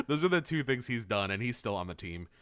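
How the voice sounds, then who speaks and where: A man's voice: mid-range voice, moderate pace, no room sound, clean studio sound. A young man co-hosting a podcast, retelling a cartoon episode in casual chat and laughing often. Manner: laughs often, animated retelling with mock quotes.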